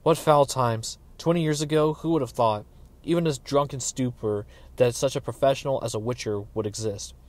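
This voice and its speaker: A man reading aloud, voicing a gruff, officious middle-aged castellan in a fantasy story. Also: normal speed, close to an everyday voice. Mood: grumbling. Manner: exclaiming, higher and louder than the narration. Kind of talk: dramatic audiobook reading.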